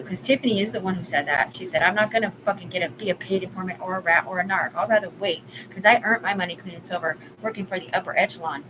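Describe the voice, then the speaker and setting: A woman's voice: fairly low pitch, quick pace, few pauses. A woman in her forties ranting on a live stream, rambling, agitated and profane. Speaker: livestream host. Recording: clear background ambience noise.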